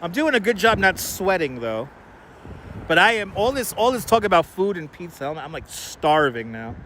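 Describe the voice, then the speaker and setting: A man hosting a live walking stream, talking casually and joking with his viewers as he strolls. His voice sits high for a man. He uses a clip-on wireless mic, with loud traffic and street noise all around. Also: very animated, moderate pace. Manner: chatty and joking, answers viewers by name. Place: outdoors on busy city streets and bridges.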